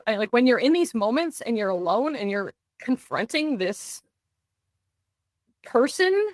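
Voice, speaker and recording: A woman's voice: medium pitch, no echo. Woman telling a personal story, dry sound. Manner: earnest, tells events in vivid runs with quoted dialogue. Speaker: guest. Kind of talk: personal story in a podcast interview.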